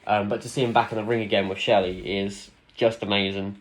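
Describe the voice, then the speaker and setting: Excitable man chatting wrestling. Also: fairly low pitch, brisk. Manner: excitable, rambling fan talk with fillers. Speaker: podcast co-host. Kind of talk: casual wrestling podcast chat.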